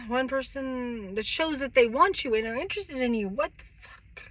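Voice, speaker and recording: A middle-aged woman talks straight to the camera with a bright, sharp-edged voice pitched a little high. She rambles and swears freely, and breaks off to sigh often. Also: normal speed, husky, dry recording. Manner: rambling, heavily profane, sighing and laughing. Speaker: vlogger. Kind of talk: candid personal monologue.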